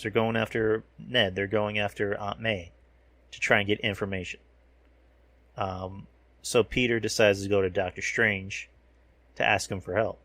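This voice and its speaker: Profane rambling man, low dry voice. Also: a bit bright, no echo. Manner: rambling, profane, loses words mid-sentence. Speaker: podcast host. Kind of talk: casual recap while watching a show.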